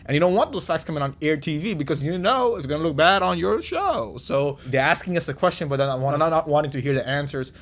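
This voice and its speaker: A man with a notably high voice gives casual reaction commentary. He talks in loose slang, mocking and scolding as he rants. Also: animated, fast, hardly any pauses.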